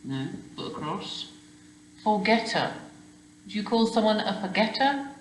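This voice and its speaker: A woman's voice: medium pitch, very animated, a little slow, roomy sound, slight background noise, poor audio. A woman teaching a children's spelling lesson, explaining patiently step by step and checking with questions. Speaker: primary school teacher.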